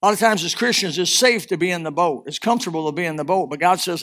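A pastor with a high-sitting, fairly bright voice preaches a sermon at a fast clip. His impassioned delivery swells and drops in force as he reads scripture and applies it.

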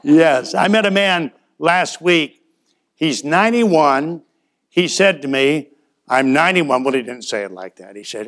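A man preaching to a church in a folksy, storytelling sermon, his voice sitting a bit high for a man. He acts out short back-and-forth exchanges, swinging from loud to quiet as he goes. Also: animated, measured pace. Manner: folksy storytelling with acted-out dialogue and shifts in loudness.

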